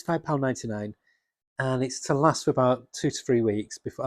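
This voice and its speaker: A man with a husky voice chatting casually and enthusiastically about comics, rambling with restarts. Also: mid-range voice, a little mellow, no echo. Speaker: comics vlogger. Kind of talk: casual chat.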